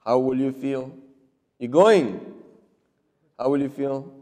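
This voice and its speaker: A man's voice: mid-range voice, monotone, moderate pace, warm tone. A man teaching a class, asking the listeners questions and acting out short examples. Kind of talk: classroom lecture. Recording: long hall reverb.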